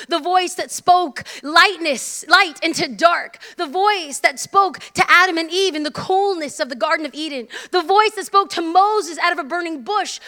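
A woman preaching a sermon as a guest speaker, animated and joking as she tells stories. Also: high voice.

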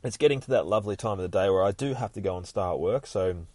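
A man hosting a podcast, retelling a comic in an excitable, heavily swearing casual way with shouted sound effects. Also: low-pitched, fast, no echo. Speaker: podcast host.

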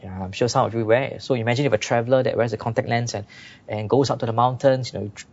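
A man's voice: mid-range voice, steady tone, fast, darkish tone, lo-fi sound. A man preaching a sermon in a chatty, conversational way, often dropping "you know".

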